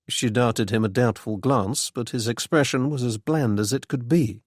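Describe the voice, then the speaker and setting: A man narrating a mystery novel in measured, even storytelling. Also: medium pitch, no room sound, clean studio sound. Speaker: audiobook narrator. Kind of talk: scripted narration.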